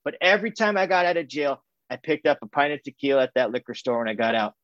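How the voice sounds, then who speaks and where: A man's voice: mid-range voice, animated, fast, no echo, lo-fi sound. A man telling his recovery story in a loose, chatty way, piling up "and, and" and sprinkling in "man" and "dude", with self-mocking humor. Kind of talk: personal testimony told as casual storytelling.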